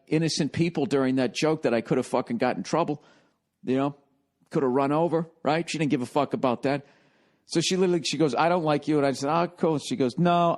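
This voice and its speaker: A man in his forties hosting a podcast, telling a rambling, profane comedic story in casual chat. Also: medium pitch. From United States. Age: 40s. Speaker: podcast host.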